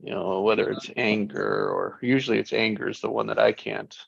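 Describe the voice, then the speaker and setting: A man in a casual group chat over a video call, speaking slowly and haltingly while he searches for words. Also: on the low side, fairly even intonation, gravelly, dry recording, muffled recording.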